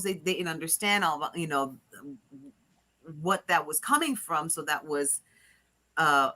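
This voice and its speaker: A woman from Rico, a teacher chatting as a guest, animated and laughing often as she acts out quotes. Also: sits low. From Puerto Rico. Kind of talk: casual chat.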